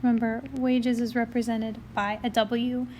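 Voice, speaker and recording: A woman's voice: on the high side, flat delivery, measured pace, dark tone, a little hiss or hum. A woman math teacher with the hiccups, talking through a recorded lesson in a chatty, upbeat way and explaining each step as she goes. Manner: chatty and upbeat, talks through her steps. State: has the hiccups.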